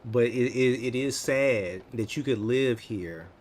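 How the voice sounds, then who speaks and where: An American man in his thirties, chatting casually on a livestream, answering viewers in an animated, teasing way. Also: medium pitch, a little slow, a little hiss or hum. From United States. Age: 30s. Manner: animated, teasing, laughs often.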